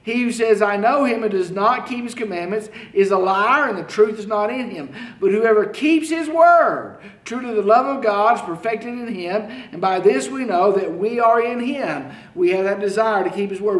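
A man preaching a sermon, slow and halting, often repeating key phrases for emphasis. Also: sits high, roomy sound. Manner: slow, halting delivery with frequent fillers and restarts.

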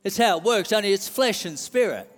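A man's voice: high-pitched, brisk, big-room sound. A man preaching a sermon, telling it like a story and repeating key lines. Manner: animated storytelling, repeats phrases.

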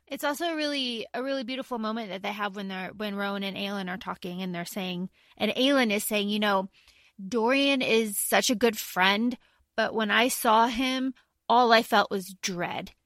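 A woman's voice: mid-range voice, moderate pace, fairly bright tone, dry recording. A woman co-hosting a podcast, chatting enthusiastically about a book with casual swearing. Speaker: podcast co-host.

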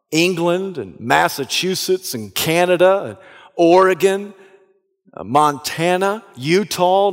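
A man with a Southern American accent from the Southeastern United States, preaching a sermon as an animated storyteller who bursts into loud, dramatic passages. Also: on the high side, in a large hall. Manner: animated, dramatic retelling with sudden loud outbursts. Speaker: pastor.

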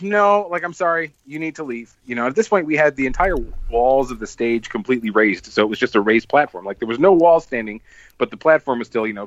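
A man casually telling a long, rambling story on a podcast. He swears a lot and acts out what people said with sudden jumps in pitch. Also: fairly bright tone, no echo, dull audio. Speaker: podcast host.

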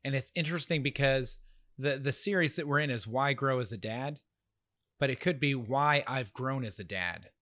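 A man's voice: mid-range voice, normal speed, pushed and bright, no room sound, clean studio sound. A middle-aged man with a slightly nasal voice, co-hosting a casual faith-based parenting chat in an earnest way, repeating words as he starts his thoughts. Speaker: podcast co-host.

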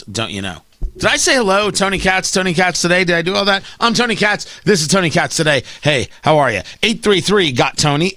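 Middle-aged male talk radio host, combative and sarcastic, fairly high and bright, very dry close sound. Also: no room sound. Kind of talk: opinionated talk radio monologue.

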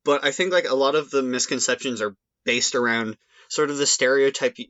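An Irish man chats as a podcast guest, wandering through points with wry, sarcastic asides. His voice is bright and sharp, recorded dry and close on a somewhat dull, lo-fi mic. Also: medium pitch, steady tone, brisk, no room sound. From Ireland. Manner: rambling, wry sarcastic humor. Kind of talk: casual chat.

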